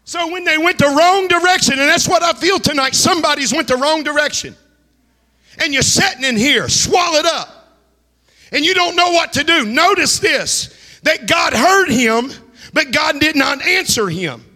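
Pastor, male, fiery shouted sermon, bright tense tone, chanting cadence. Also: extremely high pitch, animated, moderate pace. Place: church hall. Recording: reverberant church hall.

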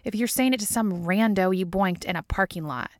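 A woman's voice: mid-range voice, a little fast, no room sound, lightly acted. Woman reading a sardonic female agent. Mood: sarcastic. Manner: dry, scoffing. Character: sarcastic, irritated female FBI agent.

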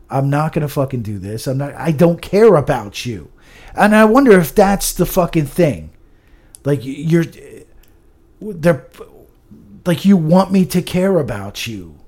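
A man rants through a loose podcast conversation, cursing in nearly every sentence and tripping over his words. His pitch leaps around with lively, animated inflection. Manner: profane, ranting, stumbling restarts. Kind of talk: casual podcast chat.

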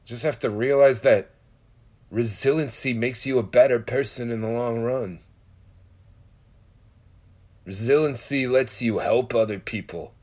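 A man with a medium-pitched, darkish voice delivers a loose, conversational monologue full of profanity. He rambles through stories and muses freely as he goes.

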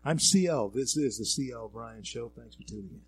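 A man's voice: mid-range voice, animated, brisk, slight background noise, poor audio. A man from the American South with a Louisiana Southern accent, hosting a talk radio show in an earnest, repetitive monologue with many fillers. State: grieving.

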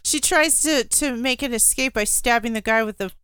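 A woman's voice: on the high side, fairly bright tone, clean tone, no room sound. A woman co-hosting a film podcast, cutting in with short wry comments. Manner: wry quick interjections. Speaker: podcast co-host. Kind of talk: casual chat.

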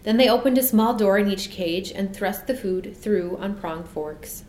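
Female storybook narrator, mid-pitched, measured and expressive; roomy echo, faint hiss. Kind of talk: storybook read-aloud. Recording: echoey room.

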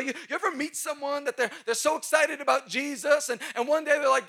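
A man's voice: very high voice, fairly quick, creaky, few pauses, bright, forceful tone. A male pastor preaching a sermon in a church service, joking with the congregation and building to emphatic points.

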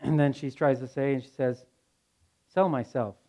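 A man's voice: mid-range voice, little pitch movement, brisk, mellow. A male pastor preaching a sermon, blunt and earnest, telling stories in a conversational way. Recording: dull lo-fi sound.

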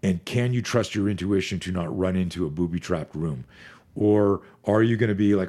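Deep husky guy on a podcast, swears a lot, tells stories fast. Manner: energetic, profane, storytelling with acted quotes. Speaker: fear management expert, podcast guest. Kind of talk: podcast conversation.

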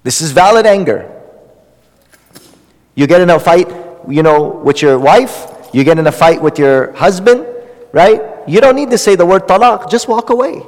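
A man preaching in earnest, often restarting his phrases and dropping Arabic terms into his talk. His voice sits a little high for a man. The sound carries a long reverb, as in a large hall. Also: expressive, moderate pace, a little mellow. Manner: earnest, repetitive, frequent restarts and fillers, Arabic terms woven in. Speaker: imam. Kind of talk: Islamic lecture.

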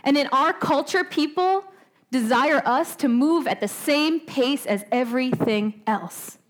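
A woman preaching a sermon in a conversational way, asking her listeners questions and often tagging "right?", slowing down on key points. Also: sits high. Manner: slows down for emphasis.

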